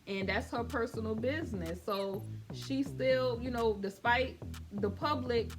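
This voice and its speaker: A sassy woman host gives casual celebrity commentary. She talks to her viewers as honey and boo, loose and conversational. Beat music plays clearly underneath her voice. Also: fairly high pitch, measured pace.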